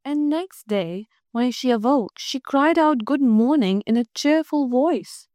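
A woman reading a storybook aloud in a gentle, measured way. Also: high-pitched, animated, no room sound.

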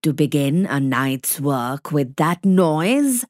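Woman doing a gruff, stern father wolf. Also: sits low, big pitch swings, takes it slowly, a little mellow, no echo, clean studio sound, voice pushed down, exaggerated voice.

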